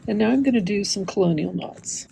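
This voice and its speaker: A woman's voice: mid-range voice, fairly quick, creaky, dark tone, slight background noise, rough recording. A woman teaching hand embroidery in a casual, chatty way, drifting into asides as she stitches. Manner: chatty, rambling asides while demonstrating.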